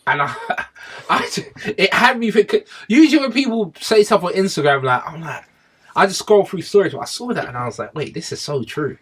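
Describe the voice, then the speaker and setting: A man, a podcast co-host in casual chat among friends, animated and often breaking into loud laughter. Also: high-pitched, a little fast, breathy edge. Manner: animated, laughs loudly, trails off and restarts.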